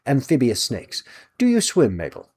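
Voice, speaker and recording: A man voicing a brisk, wry older witch with a dry, breezy and decisive way of talking. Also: medium pitch, huge pitch swings, a little mellow, breathy edge, exaggerated voice.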